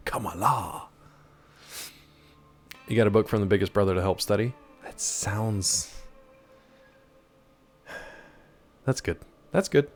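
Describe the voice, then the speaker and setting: Playful low-voiced male streamer. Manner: playful, teasing, answers chat aloud. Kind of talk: casual live-stream gaming chat.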